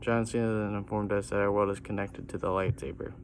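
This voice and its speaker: Low-voiced man reading a goofy story. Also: little pitch movement, brisk, slight background noise. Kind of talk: reading a comic story aloud.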